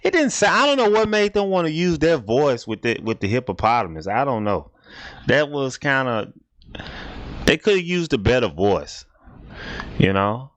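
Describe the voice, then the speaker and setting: A man's voice: mid-range voice, big pitch swings, normal speed, no echo. Laid-back rambling man reacting. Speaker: reaction video host. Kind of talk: casual reaction commentary.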